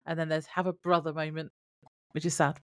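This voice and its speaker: A woman's voice: low voice, a little fast, no echo, studio quality. A woman co-hosting a podcast, chatting casually as she walks through a TV episode's plot. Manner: relaxed, chatty, laughs along. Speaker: podcast co-host.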